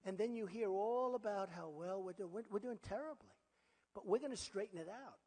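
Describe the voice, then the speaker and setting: A man's voice: sits high, brisk, darkish tone. A man in his sixties giving a campaign rally speech, boastful and repetitive, with conversational asides to the crowd. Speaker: political candidate. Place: large rally hall. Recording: long hall reverb at a rally.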